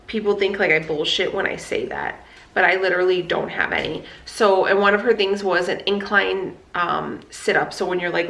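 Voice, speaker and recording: A woman's voice: fairly low pitch, vocal fry, a bit bright, a little hiss or hum. Candid woman vlogger in an echoey room. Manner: candid and fired up, peppered with fillers and swearing. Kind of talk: casual chat.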